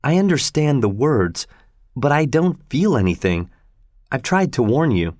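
A cold, detached young woman speaks in a flat, unfeeling way, voiced by a man reading a storybook. The recording is dry and close-miked, with no echo. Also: mid-range voice, unhurried.

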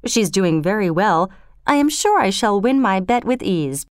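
A woman's voice: medium pitch, expressive, a little slow, dry recording, studio quality, natural voice. A woman voicing a brusque, self-assured middle-aged male professor in a storybook reading. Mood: confident. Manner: confident, impatient.

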